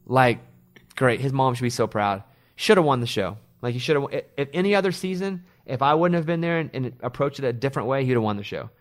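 A middle-aged man, a radio host, chatting casually and telling animated stories with quoted voices. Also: mid-range voice, fast. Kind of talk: casual chat.

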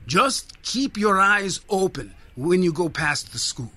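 A man's voice: high voice, very animated, takes it slowly, pushed and bright, dry recording, pitched above the performer's own voice, exaggerated voice. A man voicing a teasing village carpenter who calls out in a taunting way in a storybook reading.

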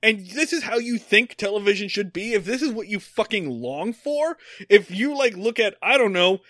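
A man's voice: high voice, lively intonation, normal speed, fairly bright tone, dry recording, studio quality. A man co-hosting a podcast, ranting in heated, profane casual chat about a TV episode. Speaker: podcast co-host.

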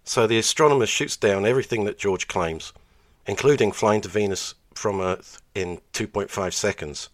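A man's voice: on the low side, moderate pace, no echo. A man narrating over archive clips, making sarcastic, dry asides.

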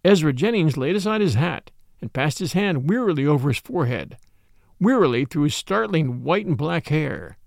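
A man narrating a classic novel in the first person, with expressive, measured storytelling. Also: fairly high pitch, creaky, dry recording, studio quality. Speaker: audiobook narrator.

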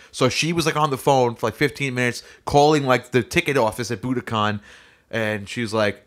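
A young man in casual chat, telling a lively story and acting out the voices of people in it. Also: medium pitch, fairly quick. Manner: animated, acts out voices in stories.

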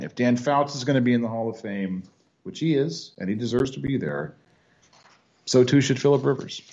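A man's voice: mid-range voice, a little mellow. A man co-hosting a sports podcast, making his case in casual chat. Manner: opinionated, arguing his case. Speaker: podcast co-host. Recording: dull lo-fi sound.

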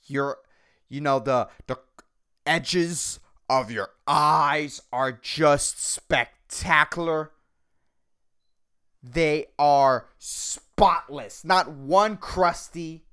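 Laid-back guy rambling on his podcast, slow and unhurried, cusses a lot, keeps saying dude. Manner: rambling, profane, peppered with "man" and "dude"; low, soft-spoken drawl. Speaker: podcast host. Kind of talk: casual solo podcast rant.

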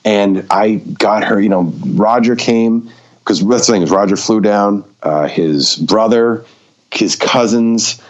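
A man's voice: on the low side, slow, lo-fi sound. A man, a documentary filmmaker on a podcast, tells a story casually and acts out the people he quotes. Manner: animated, acts out quoted dialogue.

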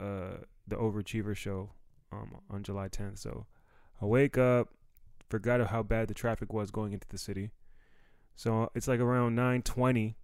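A young male comedian from the D.C. area talks through a story in a relaxed, profane way, acting out bits of dialogue. His voice sits fairly low and comes across smooth and resonant. The sound is close and dry, with no room around it. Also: no room sound. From Washington, D.C. area. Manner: laid-back, profane, acts out quoted dialogue. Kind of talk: casual storytelling monologue.

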